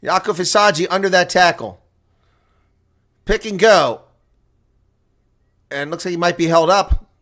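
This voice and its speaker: A man calling a rugby match live from home, his voice bright and forceful with a slightly raised pitch. He talks casually into a desk mic and winds up into excited calls when play gets close to the line. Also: a little fast. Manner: excitable, rising to near shouting on attacking plays. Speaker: live reaction commentator.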